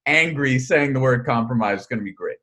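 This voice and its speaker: A man's voice: medium pitch, animated, brisk, a bit bright. A man co-hosting a podcast in casual chat, wry and self-deprecating. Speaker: podcast co-host.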